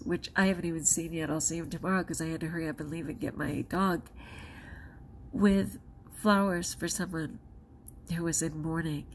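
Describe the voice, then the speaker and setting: A schoolteacher and vlogger, a woman, tells a personal story out of breath, expressive and dramatizing quotes with big jumps in pitch. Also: a little hiss or hum.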